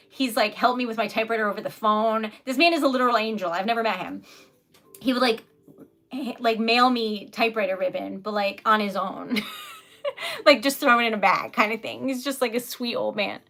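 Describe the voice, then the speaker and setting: A young woman hosting a casual livestream, chatty and giggly, sometimes dropping into soft whispers as she reads comments. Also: a little high, brisk. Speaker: livestream host selling typewritten poetry.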